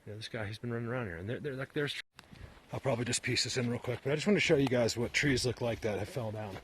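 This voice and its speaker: A man talks to his camera while walking through the woods, winded and rambling. His pitch sits in the middle of the range, and he repeats himself as he gets worked up. Faint outdoor noise runs under his voice. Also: quick pace, a bit bright. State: out of breath. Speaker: vlogger searching for Bigfoot signs. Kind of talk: casual walking commentary. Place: outdoors in a forest.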